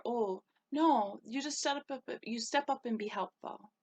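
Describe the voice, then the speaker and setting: A woman coaching her listeners on relationships, talking in an animated way and acting out short quoted exchanges. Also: sits high, measured pace, hardly any pauses. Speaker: holistic life coach. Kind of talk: spoken advice talk.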